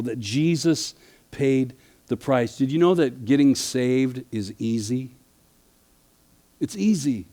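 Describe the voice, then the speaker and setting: A man who is a pastor, preaching a sermon, telling a story softly and then rising loud when he exhorts. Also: mid-range voice, lively intonation, takes it slowly, pauses often.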